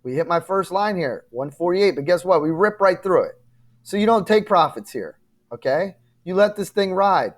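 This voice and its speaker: High-pitched and animated at a normal speed, a man hosting a crypto trading channel walks his audience through charts casually. He leans on emphasis and repetition, keeps asking "okay?" and "right?", and is now and then frustrated or apologetic.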